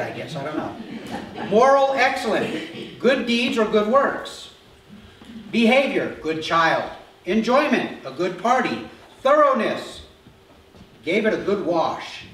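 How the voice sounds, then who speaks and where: A man's voice: sits high, big pitch swings, measured pace, a bit bright. A male pastor preaching a conversational sermon who often asks the congregation questions, recorded in a church sanctuary. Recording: echoey church hall miked from far off.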